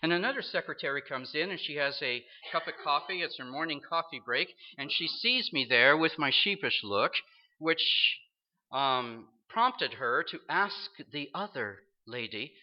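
A man with a fairly high voice preaches a storytelling sermon, animated and a little slow. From the Toronto area of Canada, he's earnest and acts out the voices of the people in his story. The recording is dull and lo-fi.

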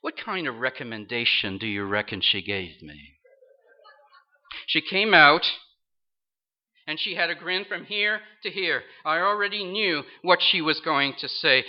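A man's voice: fairly high pitch, measured pace. Earnest preacher man, dull recording. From Toronto area, Canada. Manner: earnest, acts out quoted voices. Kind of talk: storytelling sermon.

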